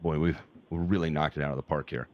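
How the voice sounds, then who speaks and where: Deep-voiced man hosting a casual stream. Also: fairly even intonation, fast, no room sound, lo-fi sound. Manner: candid, profane, self-deprecating. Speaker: charity livestream host. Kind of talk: casual chat.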